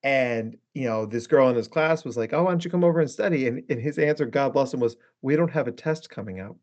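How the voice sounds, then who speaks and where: A man's voice: medium pitch, quick pace, lo-fi sound. A man talking as a therapist guest on a podcast, telling stories and acting out quotes in a casual chat. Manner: animated storyteller, acts out quotes.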